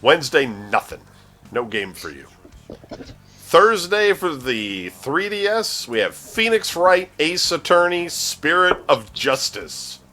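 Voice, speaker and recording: A man's voice: on the high side, big pitch swings, slow pace, pushed and bright. A man hosting a casual gaming news show, joking and laughing as he reads the week's releases. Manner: jokey, laughs often, stumbles over names. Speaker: news host. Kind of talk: casual podcast chat reading news.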